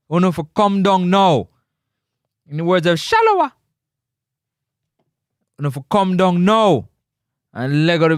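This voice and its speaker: A Jamaican man hosts a casual football talk show, teasing and lively and sliding into patois. His voice sits a little high for a man. The sound is dry and close. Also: smooth, no room sound. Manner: animated, teasing, slips into patois. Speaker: sports talk host.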